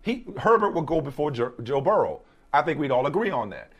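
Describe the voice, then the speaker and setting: A man's voice: fairly high pitch, very animated, brisk, lo-fi sound, crowd noise. A man hosting a sports talk show, arguing his points emphatically and often repeating himself. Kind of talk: sports debate.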